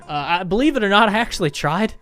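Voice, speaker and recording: Fast-talking profane gamer guy. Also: high-pitched, animated, fairly bright tone, clean tone, soft background music. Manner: rambling, profane ranting. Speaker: gaming YouTuber. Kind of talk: casual gameplay commentary.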